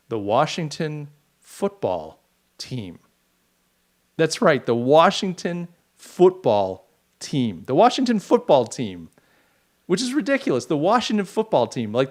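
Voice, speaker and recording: A middle-aged man hosting a podcast, talking in a rambling, animated monologue with mocking asides. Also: a little high. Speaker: podcast host. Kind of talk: casual opinion monologue.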